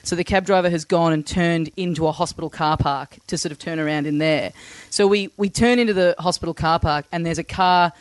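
A man's voice: a little high, a little fast, clean tone, no echo. An Australian man co-hosting a podcast, telling anecdotes with dry, wry humour in casual chat. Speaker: podcast co-host.

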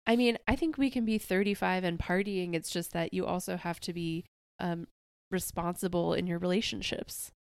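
A woman's voice: fairly low pitch, steady tone, normal speed, vocal fry, clean tone, no room sound, clean studio sound. A woman co-hosting a podcast, chatting casually with lots of "like" and giggles. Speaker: podcast co-host. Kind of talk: casual recap chat.

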